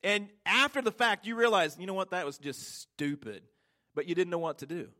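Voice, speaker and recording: A male pastor delivers an emphatic sermon in a voice that sits a little high for a man. He keeps asking his congregation questions. He stretches important words out slowly so each point lands. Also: animated, bright, forceful tone.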